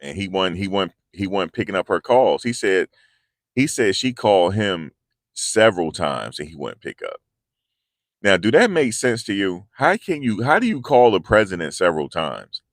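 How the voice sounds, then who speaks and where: A man's voice: low voice, big pitch swings, moderate pace, no echo, studio quality. A man hosting a casual commentary video, talking in a loose, slangy, repetitive way. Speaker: commentary channel host.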